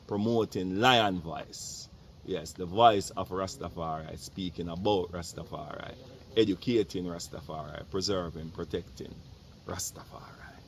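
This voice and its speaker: A man giving a solemn, chanted greeting and shout-out. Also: low-pitched, slight background noise. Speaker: community elder giving a shout-out.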